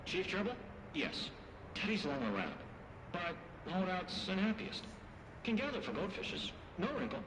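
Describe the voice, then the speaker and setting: A man's voice: high-pitched, very animated, moderate pace, background noise. A man voicing a strange otherworldly entity that speaks in odd, garbled fragments, heard through echoey game audio. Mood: muddled.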